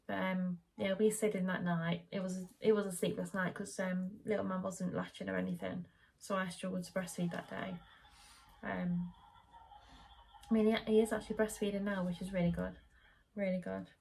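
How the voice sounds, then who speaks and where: A woman's voice: lowish voice, normal speed, creaky. A young woman chatting casually at home, telling the story of her labour and birth. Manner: chatty, animated retelling, quoting the midwife in raised voice. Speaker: vlogger.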